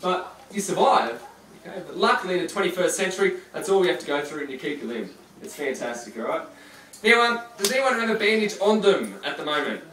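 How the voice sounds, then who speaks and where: A man's voice: high voice, very animated, fast, sharp tone. A man presenting a live reptile show, teasing his audience and volunteer in a chatty, joking way. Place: large room with audience. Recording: echoey, distant, crowd noise.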